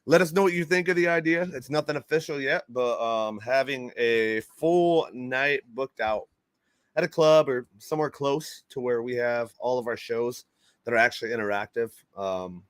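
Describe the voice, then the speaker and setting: A man hosting a morning show in a loose, easygoing way, laughing often as he chats and runs through scores. His voice sits at an ordinary middle pitch. The recording is dry and close to the mic. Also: moderate pace, clear, resonant tone, no echo. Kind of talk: casual chat.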